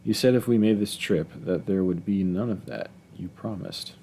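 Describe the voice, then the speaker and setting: A man's voice: low voice, normal speed, dark tone, slight background noise. A man reading aloud, voicing a bitter, humiliated husband who keeps pressing his wife.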